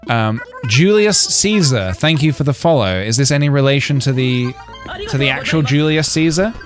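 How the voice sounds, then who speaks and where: A man chatting on a game stream, wandering from joke to joke as he reads out his chat. His pitch rises and falls a lot. Soft game music plays faintly underneath. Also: lively intonation, normal speed. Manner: rambling, joking asides, reading chat. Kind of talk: casual gaming stream chat.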